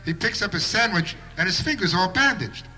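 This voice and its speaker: A man's voice: high-pitched, expressive, fairly quick, pushed and bright, soft background music. A man doing a live stand-up routine with a wry observational delivery and bursts of mock outrage. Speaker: stand-up comedian.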